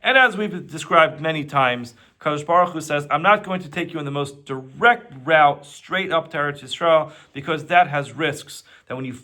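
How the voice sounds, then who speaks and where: Rabbi teaching a weekly Torah class, bright and fairly high voice, poses questions and answers them. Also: male voice, moderate pace, hardly any pauses. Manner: animated teacher, asks and answers his own questions. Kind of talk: Torah lesson.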